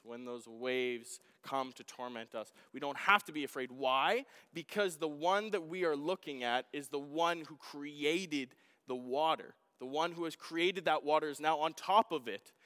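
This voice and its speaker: A man's voice: a little high, pushed and bright, smooth. Man preaching in a reverberant hall. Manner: conversational preaching, asks the congregation questions. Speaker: pastor. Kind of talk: sermon.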